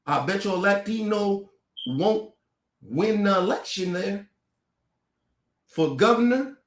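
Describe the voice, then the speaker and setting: Very high-voiced man ranting heatedly. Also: lively intonation, takes it slowly. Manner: heated, confrontational, repeats words and stumbles. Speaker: commentator. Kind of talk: angry profane rant to camera. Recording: echoey room.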